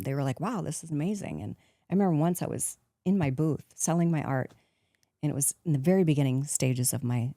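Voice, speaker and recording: A woman in her fifties, a guest in a casual interview, telling stories in a lively way, acting out quotes and laughing often. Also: very deep voice, creaky, no room sound, clean studio sound. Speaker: guest, actress turned painter.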